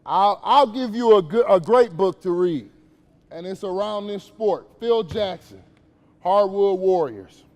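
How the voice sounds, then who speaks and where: A man's voice: high voice, lively intonation, measured pace, in a large hall. A man giving a casual, slangy motivational talk to young players at a basketball camp, questioning the kids as he goes.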